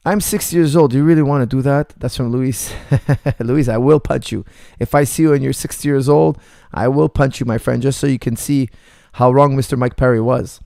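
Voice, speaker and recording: A man's voice: mid-range voice, fairly even intonation, a little fast, creaky, darkish tone, no room sound, studio quality. A male martial arts coach hosting a casual livestream Q&A, reading out chat messages and answering them bluntly with jokes and frequent laughter. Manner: blunt, joking, laughs often.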